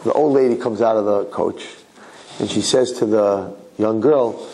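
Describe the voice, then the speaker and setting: A rabbi telling a religious story to listeners in a conversational way, asking rhetorical questions and repeating phrases. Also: male voice, on the low side, a little slow, mellow, poor audio. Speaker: rabbi giving a Torah talk.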